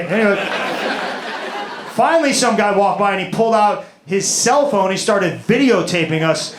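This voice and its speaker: A man's voice: sits high, a little fast. Forties male comic, self-deprecating storyteller, echoey live club recording. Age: 40s. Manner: rambling, self-deprecating, stammering restarts. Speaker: stand-up comedian. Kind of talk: stand-up storytelling. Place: comedy club stage. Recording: roomy club sound with audience noise.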